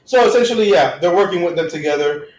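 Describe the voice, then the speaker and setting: A man's voice: high-pitched, expressive, fast, darkish tone. A man co-hosting a casual podcast chat, recapping comic book plots in upbeat detail. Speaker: podcast co-host. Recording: echoey room.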